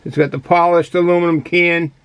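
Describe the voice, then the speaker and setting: Man, Boston accent, rambling casual beer review, fairly high voice, dry close sound. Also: little pitch movement, brisk, smooth, no echo, lo-fi sound.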